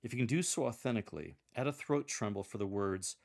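A man giving measured, deliberate coaching on how to read Scripture aloud. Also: on the low side, lively intonation, gravelly, darkish tone. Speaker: instructor for Scripture readers.

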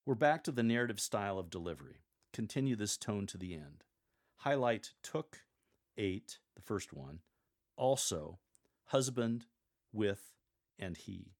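Low-pitched male host, deliberate and emphatic coaching delivery with a playful streak. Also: lively intonation. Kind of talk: instructional podcast on scripture reading.

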